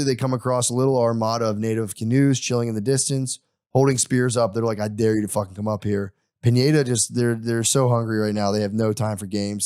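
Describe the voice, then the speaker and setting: A man's voice: medium pitch, a little mellow, clear, resonant tone, no room sound, clean studio sound. A young man hosting a podcast, casually retelling a history story with crude humor and voiced quotes.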